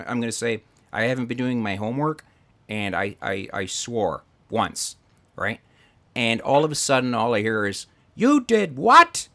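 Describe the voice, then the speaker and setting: A man's voice: mid-range voice, fairly bright tone. A man hosting a comedy podcast in casual chat, telling crude joking stories. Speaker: podcast host.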